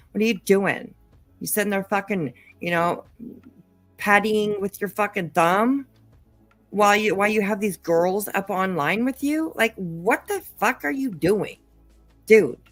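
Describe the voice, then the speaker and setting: A woman's voice: medium pitch, dry recording. A woman giving casual live commentary, swearing freely, mocking, and often laughing. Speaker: commentary streamer.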